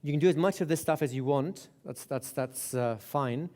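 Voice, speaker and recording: A man's voice: on the high side, moderate pace, dark tone. Guy teaching a hypnosis class live, chatty, restarts a lot, keeps saying right?. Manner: conversational, with repeated checks like "right?"; restarts and repeats words. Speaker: hypnosis instructor.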